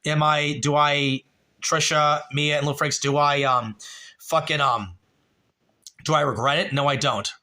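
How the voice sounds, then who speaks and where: A man hosting a livestream and rambling at his viewers, calling them by name and swearing freely. His voice has a bright edge, and he circles back on himself often. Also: on the high side, fairly even intonation, measured pace. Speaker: livestream host. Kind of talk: casual livestream chat answering viewers.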